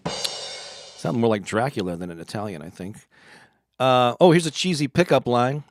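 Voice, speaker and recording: A man's voice: mid-range voice, big pitch swings, normal speed, long pauses, heavy background noise. Playful man telling corny puns. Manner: playful, laughs at his own puns. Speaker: live stream host. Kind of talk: corny joke segment on a live stream.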